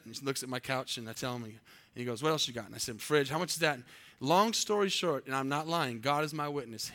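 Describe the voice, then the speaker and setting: Bright-voiced, lively male preacher. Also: a little high. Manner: animated, quizzes the audience. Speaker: pastor. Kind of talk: sermon storytelling.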